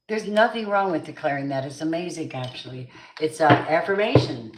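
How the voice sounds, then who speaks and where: A woman's voice: sits low, moderate pace, echoey room, background noise. A middle-aged woman giving an emphatic live tarot reading, chatting with her viewers by name. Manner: emphatic, repeats affirmations. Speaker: tarot reader. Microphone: camera mic on a live stream.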